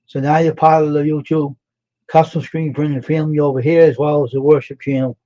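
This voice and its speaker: A man's voice: a little high, little pitch movement, fairly quick, mellow. Chatty man hosting a lo-fi live stream. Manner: chatty, greets and quizzes chat viewers by name. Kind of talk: casual live stream chat with viewers. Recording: dull lo-fi sound.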